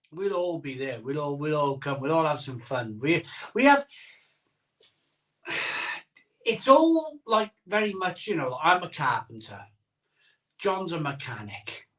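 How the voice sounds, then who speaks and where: This middle-aged host's high, sing-song voice is fairly bright, a little slow and full of pauses. He chats casually on his live stream, joking, laughing and spinning stories as he reads comments.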